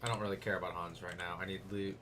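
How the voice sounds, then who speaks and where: A man's voice: sits low, flat delivery, racing, noisy background. A man giving casual, crude and playful commentary while he plays a video game. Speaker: gaming streamer.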